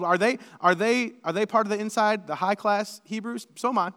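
A male pastor preaching a sermon, animated and building to emphatic, shouted lists. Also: high voice, fairly quick, few pauses, long reverb tail.

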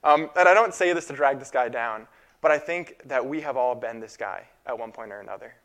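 A man's voice: mid-range voice, fairly bright tone. Young man giving a casual sermon. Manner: casual, halting delivery with fillers and repeated phrases. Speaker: preacher.

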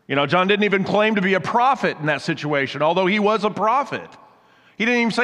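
A man's voice: a little high, a little fast, fairly bright tone. A man giving a conversational sermon as pastor, explaining scripture with casual asides. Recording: long hall reverb.

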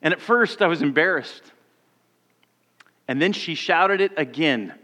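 A pastor preaches in a fairly high voice for a man, and it rings out with a long reverb in the church. He tells his story with feeling, dropping his voice low before swelling again. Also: lively intonation, measured pace. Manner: storytelling, shifts between loud and hushed. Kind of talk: sermon.

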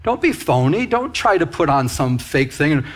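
A male pastor giving a conversational sermon. He is animated and speaks straight to his congregation, with frequent asides to them. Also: a little high, normal speed.

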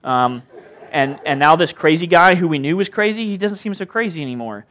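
A man voicing a nervous, fed-up villager who pleads haltingly, with many pauses and ums. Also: a little high, expressive, fairly bright tone, pitched below the performer's own voice. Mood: pleading. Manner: hesitant, halting, full of ums.

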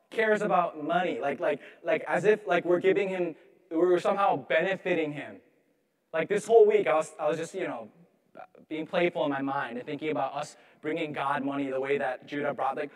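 A man in his thirties preaching a conversational sermon as pastor, casual and humorous, peppering his talk with "like". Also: high voice. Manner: casual, humorous, heavy use of "like".

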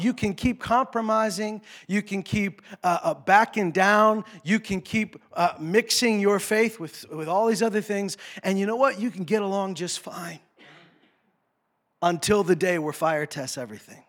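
High-voiced impassioned male preacher. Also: moderate pace. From North America. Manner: impassioned, swings from hushed to shouting; acts out quoted complaints in a low mocking voice. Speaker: pastor. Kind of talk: sermon.

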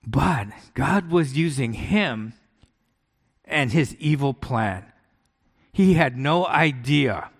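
A man's voice: medium pitch, animated, takes it slowly, pauses often. A male pastor giving a sermon in a conversational way, often asking his listeners rhetorical questions. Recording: long hall echo.

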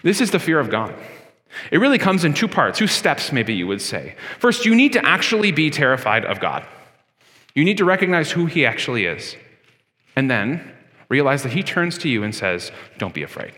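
A man preaching in a church sanctuary, talking to the congregation in a casual, conversational way. His voice is bright and sits a little high, and it rises and falls a lot as he presses his points. The sound carries a long, echoing church reverb. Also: sing-song, normal speed. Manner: conversational preaching, with frequent fillers and emphatic swings. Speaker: pastor. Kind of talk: sermon.

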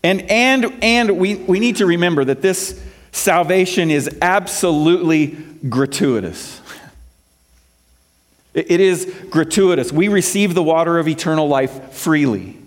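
A man's voice: on the high side, animated, unhurried. A male pastor preaching a sermon, quoting scripture and asking the congregation questions as his emphasis rises and falls.

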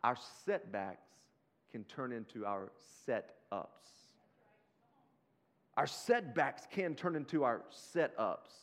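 A man preaching a sermon as pastor, animated and conversational, talking straight to his listeners in casual slang. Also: mid-range voice, slow. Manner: slips into casual slang like "y'all".

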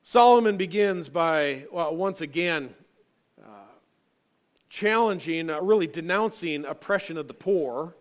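A man's voice: fairly high pitch, animated, measured pace. A male pastor giving an earnest sermon, reading scripture and building to emphatic points with frequent fillers.

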